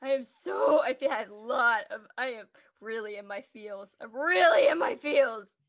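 A woman co-hosting a casual movie review podcast, excitable and swearing freely, laughing often. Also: fairly high pitch, unhurried. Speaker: podcast co-host.

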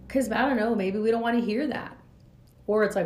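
Woman in her 40s, podcast host, earnest reflective monologue, higher voice, echoey room. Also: animated, moderate pace. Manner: earnest, talks in loose spoken asides.

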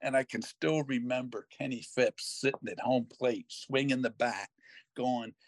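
An older man hosting a podcast, telling a long story in a lively, self-mocking way and slipping into other people's voices. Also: medium pitch, a little slow, no room sound. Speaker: podcast host. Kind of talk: storytelling in casual chat.

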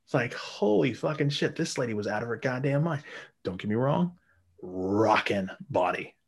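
In a casual podcast chat, a man with a medium-pitched, gravelly, husky voice tells a crude story at a moderate pace. He swears heavily and laughs while animatedly acting out quotes.

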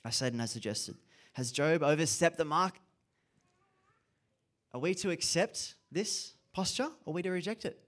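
A man's voice: a little high, normal speed, a bit bright. A man giving an earnest, reflective sermon and repeating key phrases for emphasis. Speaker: preacher.

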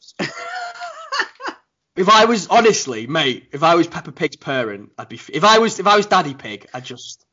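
Animated, bright-voiced podcast host. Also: male voice, fairly high pitch, brisk, muffled recording. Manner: animated, jokey, rambling. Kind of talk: casual banter.

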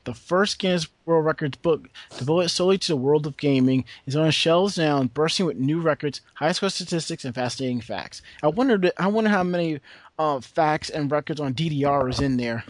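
A man co-hosting a casual podcast, relaxed and confident, teasing his co-host. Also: fairly high pitch, brisk, no room sound. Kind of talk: casual chat.

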